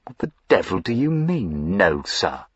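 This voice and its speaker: A man's voice: low voice, very animated, a little slow, husky, no echo, lo-fi sound, heavily acted. A man voicing a moody, short-tempered young aristocrat with a clipped, sardonic way of speaking. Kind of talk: audiobook character voicing.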